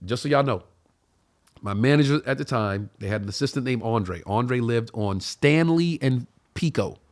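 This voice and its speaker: A man spinning a long story among friends, lively and loose, jumping in and out of the voices of people in his tale. His voice sits in a middle range for a man, and his talk is casual, with plenty of swearing. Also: medium pitch, moderate pace. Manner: animated storyteller, acts out quoted voices, swears freely. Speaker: comedian telling a story on a talk show.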